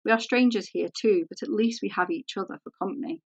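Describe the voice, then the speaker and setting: A woman's voice: mid-range voice, a little fast, slightly rough, highs cut off. A woman reading as an eager young society girl. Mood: sympathetic.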